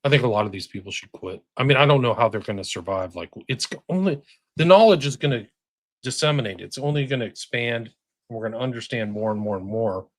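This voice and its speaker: Husky-voiced male guest, emphatic. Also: mid-range voice, quick pace, no room sound, clean studio sound. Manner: emphatic, peppered with "like". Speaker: podcast guest. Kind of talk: casual podcast conversation.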